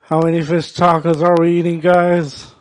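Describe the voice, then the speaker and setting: A male stand-up comedian doing a set, loud and profane, working the crowd. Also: a little high, little pitch movement, normal speed. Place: comedy show stage.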